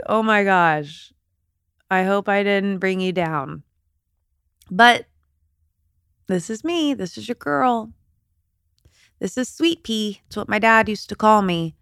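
A woman hosts a solo podcast while resting in bed at home. Her voice sits a little low, and she talks in an emotional, chatty, confiding way. The recording is close and dry. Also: dry recording. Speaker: podcast host. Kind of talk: casual solo podcast talk.

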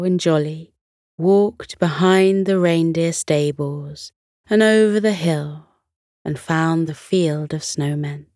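A woman narrating a children's bedtime story in a slow, soothing reading manner. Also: lowish voice, a little mellow, dry recording, studio quality.

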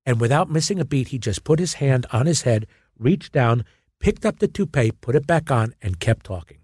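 A man, a guest actor, telling stories in casual chat, animated, repeating words and acting out quotes. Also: mid-range voice, moderate pace, breathy edge, no echo, studio quality.

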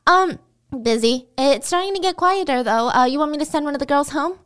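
A woman's voice: high voice, normal speed, pitched above the performer's own voice, natural voice. A woman voicing a nervous middle-aged waitress who talks anxiously and tries hard to please.

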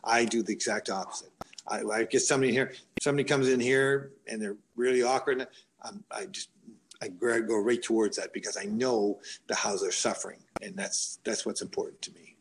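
A man's voice: on the low side, fairly even intonation, a little fast, slight background noise, poor audio. Rambling man, boxing coach telling stories. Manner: rambling, many restarts and fillers. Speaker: boxing coach and gym owner. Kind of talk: conversational interview storytelling.

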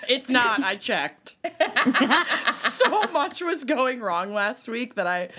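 A young woman co-hosts a podcast with an animated, swinging voice. She laughs often and swears freely in casual chat. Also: on the high side, slow pace. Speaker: podcast co-host.

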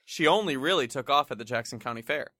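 A man's voice: mid-range voice, lively intonation, quick pace, sharp tone, no room sound. A young man in casual comedic podcast chat, campy, brash and profane, talking on a close studio mic. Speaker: podcast co-host.

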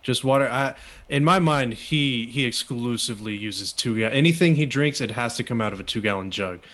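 A man co-hosting a casual podcast chat, playful and quick to chuckle as he poses questions. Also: mid-range voice, a bit bright. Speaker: podcast co-host.

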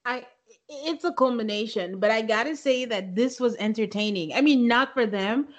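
Female podcast co-host, casual, opinionated, slightly high pitch. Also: moderate pace. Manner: frank, emphatic opinions.

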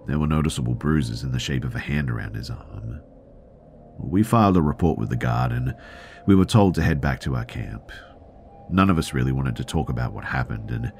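A man with an extremely deep, low voice reads a spooky story aloud as a podcast narrator. His delivery is measured and deliberate, and at tense moments it sinks into a hushed near-whisper. A faint ambience sits under the voice. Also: slight background noise. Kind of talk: scripted horror story narration.

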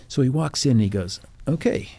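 With a mid-range, creaky voice that has a breathy edge, an older man who retired as a Navy captain shares stories in a podcast interview, a little fast. He acts out quotes, laughs a lot and tells his tales with animation.

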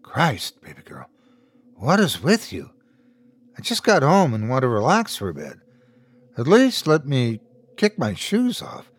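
A man's voice: mid-range voice, wildly swooping pitch, a little slow, pauses often. A man voicing an angry husband who snaps in exasperation. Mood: irritated. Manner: snapping, exasperated.

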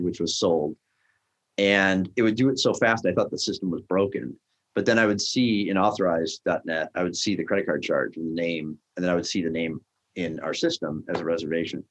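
Middle-aged guy telling a story, lowish voice, acts out all the quotes. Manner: animated storyteller acting out quoted dialogue. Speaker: guest, restaurant founder. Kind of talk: casual storytelling chat.

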